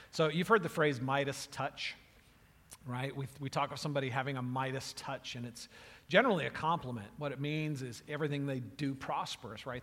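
A man's voice: mid-range voice, fairly bright tone, in a large hall. A man preaching a sermon in a conversational way, often checking in with "right?" and repeating words as he goes. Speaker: pastor.

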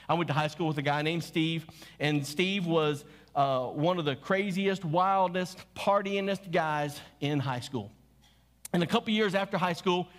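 High-voiced preacher in a ringing church hall. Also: male voice. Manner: storytelling, acts out quotes, asks the congregation questions. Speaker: pastor. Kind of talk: sermon. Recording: long hall reverb.

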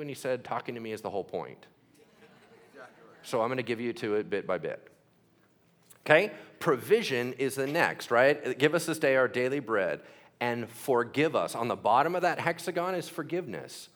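A man preaching a sermon as a pastor in a church, animated, moving between loud bursts and hushed asides as he acts out prayers. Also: mid-range voice, unhurried.

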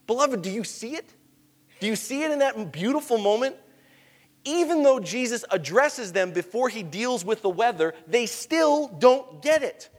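Preacher, male, high-pitched, animated storyteller, sermon in a hall with a long echo. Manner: animated storytelling, swings between hushed and emphatic.

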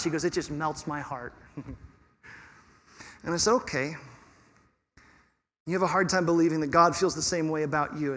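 Earnest pastor preaching in a reverberant sanctuary. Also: male voice, a little high, bright, forceful tone. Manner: conversational, earnest, quick laughs between points. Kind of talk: sermon. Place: church sanctuary. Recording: long church reverb.

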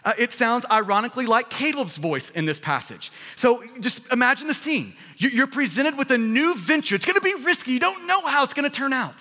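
A man preaching a sermon, animated, often repeating words as he presses a point. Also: very high voice, brisk, hardly any pauses, long reverb tail. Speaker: pastor.

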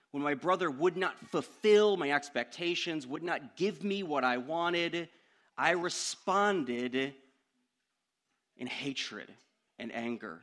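A young man with a slightly high voice preaches, sharing a personal story with animation that builds into loud outbursts.

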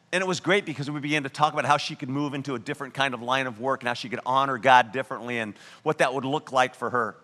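Bright-voiced preacher man in a reverberant hall. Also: fairly high pitch. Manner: earnest storytelling preaching, slows down for emphasis. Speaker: pastor. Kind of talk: sermon.

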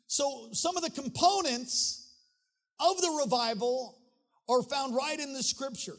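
A man's voice: very high voice, measured pace, a bit bright. A man preaching a sermon to his congregation in a church, with a fervent, sing-song cadence and repeated phrases. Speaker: pastor. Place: church sanctuary. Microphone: handheld or stage mic.

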